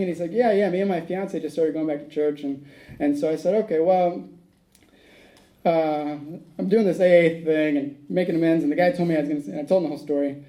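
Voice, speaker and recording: A man's voice: on the high side, fairly even intonation, moderate pace, dark tone, rough recording. A man speaking at a recovery meeting, telling a rambling personal story, acting out the dialogue and laughing at his own tale.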